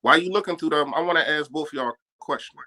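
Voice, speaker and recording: Emphatic man with a bright forceful voice. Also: on the high side, fast talker. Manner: emphatic, repeats himself, says man a lot. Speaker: co-host of a fan sports stream. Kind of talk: casual sports chat.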